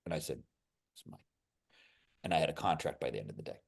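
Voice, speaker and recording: A middle-aged man, an actor being interviewed, telling stories in a lively, rambling way with many restarts and asides. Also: very deep voice, rapid-fire, creaky. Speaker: actor, guest. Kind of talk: casual interview storytelling.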